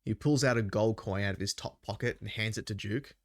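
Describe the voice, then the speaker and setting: A man narrating as game master in a tabletop game, telling the scene slowly and hesitantly. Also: on the low side.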